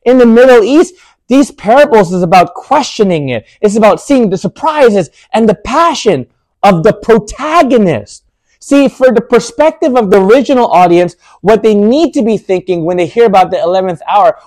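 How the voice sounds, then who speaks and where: Give me a man with a high-pitched voice preaching an emphatic sermon. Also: animated, darkish tone. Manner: emphatic, rhetorical questions, slows down for stress.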